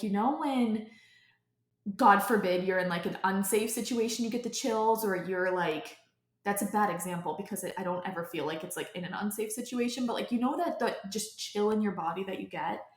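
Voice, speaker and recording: A woman's voice: medium pitch, normal speed. A young woman hosting a podcast, telling a personal story off the cuff in a rambling way, full of filler "likes" and restarts. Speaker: podcast host. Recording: echoey room.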